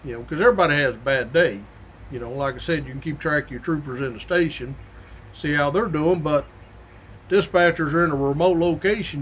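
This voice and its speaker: Folksy middle-aged cop guy telling stories, bit high-pitched, faint hiss behind. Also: a bit bright. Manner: folksy, drawling, laughs through his stories. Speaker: state police sergeant hosting a weekly show. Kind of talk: casual storytelling monologue.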